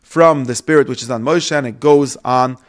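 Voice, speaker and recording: A man giving a casual Torah lesson, paraphrasing the verses and acting out the quoted speakers in a lively way. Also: moderate pace. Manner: lively, acts out the quoted speakers with rising pitch. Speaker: Torah teacher.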